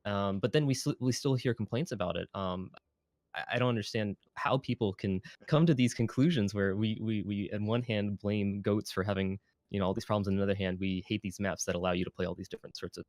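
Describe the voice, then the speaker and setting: A man giving color commentary on an esports match, explaining strategy in quick, rambling runs on a headset mic. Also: lowish voice, darkish tone, no echo, clean studio sound. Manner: fast, rambling analysis with fillers and restarts. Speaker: color caster.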